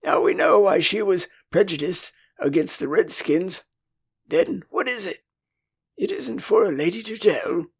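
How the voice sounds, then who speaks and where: Old english guy doing a prim little motherly girl, high and swoopy, a bit husky. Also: lively intonation, a little slow, exaggerated voice. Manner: prim, emphatic. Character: earnest motherly young girl storyteller. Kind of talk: audiobook character voice.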